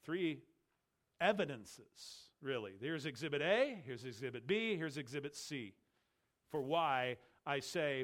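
A man preaching an explanatory sermon, stressing key words and slowing down for emphasis. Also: a little high, lively intonation, a bit bright.

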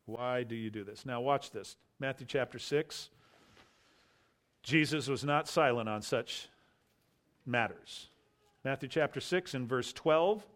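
A man preaching an expository sermon, emphatic, with rhetorical questions and quiet asides. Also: medium pitch, measured pace, pauses often. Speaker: pastor.

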